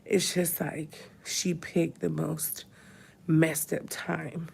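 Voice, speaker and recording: A woman's voice: low-pitched, level tone, very slow, gravelly, a little mellow, slight background noise. A woman, crying as she talks openly in a personal vlog from a hospital room. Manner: tearful, talks through crying. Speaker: vlogger.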